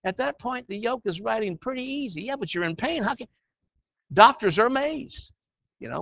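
Very high, creaky, and animated, his voice moves at normal speed over a dry, muffled lo-fi recording. He's an older man who advises and trains church leaders, addressing a group casually in folksy talk that slips into preaching.

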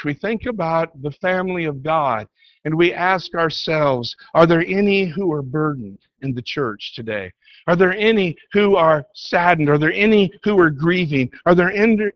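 A man delivers a sermon in an earnest preaching manner, his voice a little high for a man. He leans into quoted scripture, slowing down and lifting his pitch for emphasis. The sound is dull and lo-fi, dry and close. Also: animated, dry recording.

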